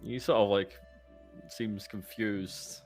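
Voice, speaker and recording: A low-voiced man narrates as game master, hesitant and full of filler words. Faint music plays underneath. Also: steady tone, takes it slowly.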